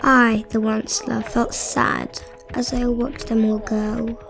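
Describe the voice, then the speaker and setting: A woman's voice: a little high, level tone, slow pace, vocal fry, fairly bright tone, faint music behind. A woman reading a children's rhyming book aloud with a rhythmic, sing-song delivery. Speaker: storybook reader.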